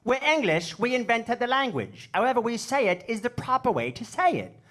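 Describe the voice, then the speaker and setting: A man's voice: extremely high pitch, very animated, fairly quick, a bit bright, pitched above the performer's own voice, exaggerated voice. A man putting on his pompous English friend, insisting in a raised voice on how words are said. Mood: haughty. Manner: haughty, insistent. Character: boastful English man, pompous about language.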